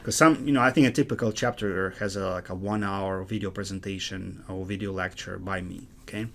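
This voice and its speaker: Halting man with an Eastern European accent. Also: deep voice, steady tone, creaky, fairly bright tone. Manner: earnest, halting, with many restarts and fillers. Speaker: university course instructor. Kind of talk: recorded online course introduction.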